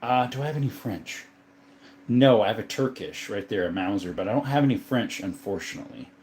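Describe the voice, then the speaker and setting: A man's voice: on the low side, brisk, a little mellow, slight background noise. A man in his thirties from southern Arizona, chatting casually on a livestream, greeting viewers by name and showing his collection. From southern Arizona, USA. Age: 30s. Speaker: livestream host and gun collector. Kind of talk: casual livestream chat reading comments.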